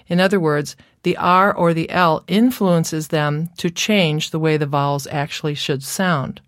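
A woman gives a careful, scripted lecture on speech therapy, speaking slowly and demonstrating sounds as she instructs. Her low voice has fairly even intonation. The studio sound is clean, with no echo.

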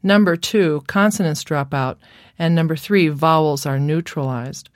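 A woman whose voice sits low delivers a scripted speech therapy lecture in a dry, studio-quality recording. She proceeds slowly and carefully, demonstrating sounds as she explains them.

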